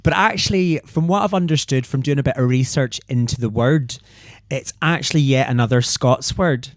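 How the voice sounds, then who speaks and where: A man's voice: medium pitch, normal speed, dry recording, studio quality. A Northern Irish man co-hosting a podcast, chatting casually and explaining local words with an easy laugh. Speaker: podcast co-host.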